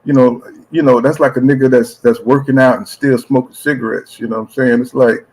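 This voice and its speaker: A man's voice: medium pitch, steady tone, brisk, darkish tone, low-quality recording. A man hosting a casual boxing chat show, talking in slang, often saying "you know what I'm saying" and reading out viewer comments.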